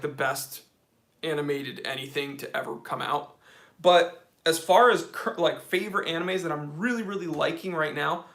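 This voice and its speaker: An American man hosts a relaxed livestream, reading viewer comments aloud and answering them with easy enthusiasm. His voice is bright and a little higher than most men's. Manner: casual, enthusiastic, says dude a lot. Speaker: watch channel host.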